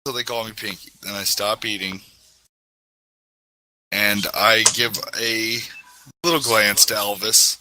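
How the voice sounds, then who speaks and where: A man's voice: on the low side, flat delivery, a little slow, long pauses, sharp tone, rough recording. A man playing a tabletop game and describing his character's actions in a rambling, casual way. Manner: rambling, laughs at himself. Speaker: player.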